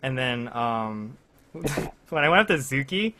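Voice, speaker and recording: A man's voice: medium pitch, expressive, slow, bright, forceful tone. A young man casually chatting with friends on a podcast, rambling through a story with lots of fillers and laughter. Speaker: podcast co-host. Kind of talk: casual chat among friends.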